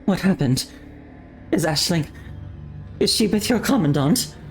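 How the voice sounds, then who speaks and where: A puzzled, probing young woman from a game story, voiced by a woman. Her tone sits a little above the reader's very low natural pitch, and it stays questioning throughout. Faint game music plays behind her. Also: expressive, measured pace. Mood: anxious.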